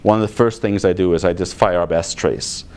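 Low-pitched man at a conference talk, blunt and exasperated, with sarcastic asides. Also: normal speed, darkish tone. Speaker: conference speaker. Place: conference room.

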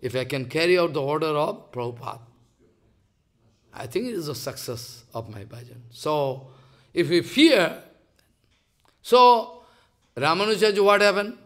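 A man with a Bengali accent giving an impassioned devotional sermon, halting and repeating phrases, acting out quoted dialogue. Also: fairly high pitch, expressive. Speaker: spiritual teacher.

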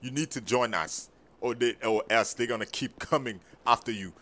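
A man's voice: medium pitch, moderate pace, sharp tone, voice pushed down, lightly acted. A man doing a preachy gang recruiter. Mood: persuasive. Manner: calls everyone "my brother", earnest pleading.

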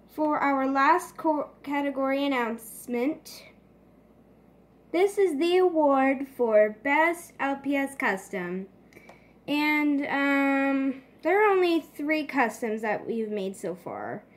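A woman's voice: high-pitched, sing-song, takes it slowly. A woman hosting a homemade toy pet award show, announcing each category in a casual, hesitant way. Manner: casual, hesitant, clears throat.

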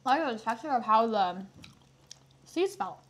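A woman co-hosting a home cooking stream, chatty and expressive as she tastes her dish. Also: on the high side, unhurried. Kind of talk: casual chat.

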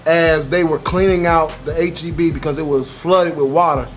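A young man telling a story about an old job in an animated, profane, exaggerated way for his vlog. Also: fairly high pitch, moderate pace, soft background music. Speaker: YouTuber.

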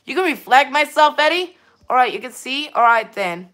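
Rambling bright-voiced woman streamer. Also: sits high, lively intonation, normal speed. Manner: rambling, keeps repeating "all right then"; reads viewer chat aloud and greets viewers. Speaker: game streamer. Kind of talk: live gameplay stream chat.

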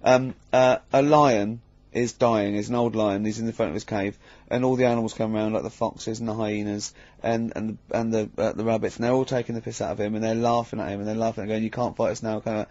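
A man's voice: fairly low pitch, fast, hardly any pauses, dry recording. Dry, close storytelling man. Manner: animated storyteller, laughs a lot, explaining. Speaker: radio show co-host. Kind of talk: casual studio banter. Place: radio studio. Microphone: studio microphone. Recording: dry, muffled lo-fi sound.

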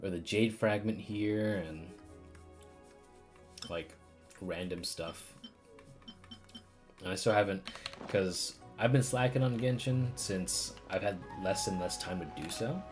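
Low-voiced man casually chatting on stream. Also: slow, long pauses, soft background music. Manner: casual, swears freely, laughs often. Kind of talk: casual gaming commentary.

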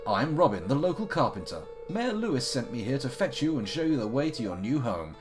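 A man voicing a cheerful woman village carpenter in a farming game, speaking in a bright, welcoming and encouraging way. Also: mid-range voice, big pitch swings, a little fast, soft background music, close to an everyday voice.

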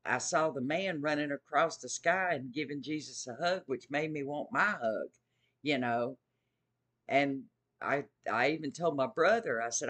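A man's voice: on the high side, a bit bright. Eager man preaching to viewers. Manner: earnest, eager, repeats phrases. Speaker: Christian video host.

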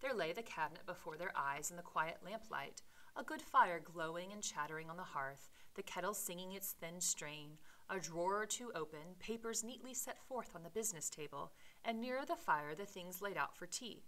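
Bright-toned woman reading aloud. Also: lowish voice, normal speed, low-quality recording. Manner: expressive reading, voicing dialogue with dramatic emphasis; casual explanatory asides with fillers. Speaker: teacher reading a novel aloud. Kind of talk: read-aloud with commentary.

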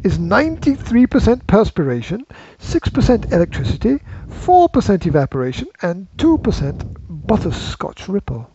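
A man's voice: high voice, huge pitch swings, moderate pace, hardly any pauses, warm tone, breathy edge, dull audio, voice pushed up, full character voice. A man playing a whimsical, eccentric male candy maker with a grand, theatrical delivery.

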